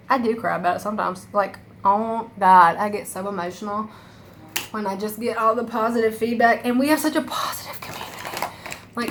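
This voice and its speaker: A woman's voice: a little high, fairly bright tone. Young woman, makeup vlogger, rambling, emotional, casual swearing, faint background hiss. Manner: rambling, emotional, heavy use of "like" and profanity. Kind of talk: casual rambling monologue to camera.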